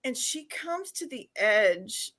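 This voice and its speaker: A middle-aged woman with a Southern accent telling a family story on a casual podcast, laughing as she goes and shouting when she acts out scenes. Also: on the high side, sing-song, slow pace. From Arkansas. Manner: laughs through her own stories, shouts when acting out scenes. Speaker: podcast co-host.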